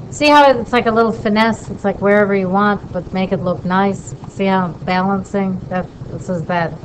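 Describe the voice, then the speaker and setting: A woman instructor walking through a drawing in a casual lesson and checking in with quick questions. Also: mid-range voice, background noise. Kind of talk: casual screen-recorded lesson.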